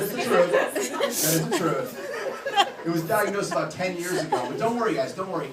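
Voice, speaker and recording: A man in his late thirties doing a stand-up comedy set on a club stage, joking bluntly and crudely at his own expense. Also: on the high side. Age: late 30s. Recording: echoey room, distant mic, loud background noise.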